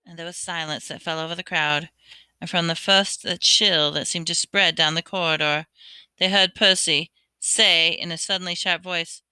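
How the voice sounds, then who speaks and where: A woman reads a novel aloud, sometimes tripping over words and starting them again. Her voice sits a little low, very bright and smooth. The sound is dry and close. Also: steady tone, a little slow, dry recording. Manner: stumbles and restarts words. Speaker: reader.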